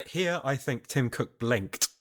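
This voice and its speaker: A man's voice: medium pitch, expressive, slow. A man hosting a casual podcast discussion, talking through the subject in a thoughtful, explaining way. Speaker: podcast host.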